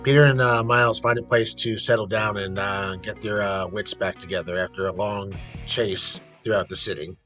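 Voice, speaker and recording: A man narrating a fan fiction story in a low-key, halting way with frequent fillers. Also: fairly even intonation, bright, forceful tone, faint music behind.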